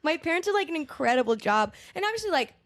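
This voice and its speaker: A woman stand-up comedian from the Boston area, chatting on a podcast with a fairly high voice. She talks in animated bursts, packed with fillers and swearing. The close, dry sound has almost no room echo. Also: quick pace. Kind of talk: casual podcast chat.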